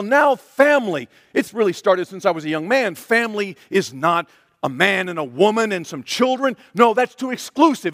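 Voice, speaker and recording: A man's voice: extremely high pitch, lively intonation, moderate pace, a bit bright, dry recording, studio quality, in a large hall. A man preaching a sermon in an earnest, emphatic way, repeating his key phrases for weight. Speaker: pastor.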